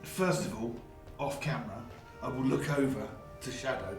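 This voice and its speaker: A sarcastic man at a tabletop game, speaking dryly at a middling pitch. The room is echoey. Music plays clearly behind him. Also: normal speed. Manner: dry, sarcastic. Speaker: player. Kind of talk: casual tabletop play.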